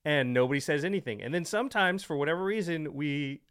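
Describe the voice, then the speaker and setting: A man co-hosting a casual podcast chat, animated and emphatic, laughing often. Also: on the high side, fast, clean tone. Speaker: podcast co-host.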